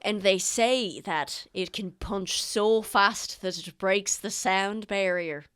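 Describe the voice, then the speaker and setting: A woman's voice: mid-range voice, takes it slowly, a bit bright, clean tone. A woman voicing a chatty male ex-sailor who rambles eagerly about sea creatures. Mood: enthusiastic. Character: chatty older male ex-sailor, animal enthusiast.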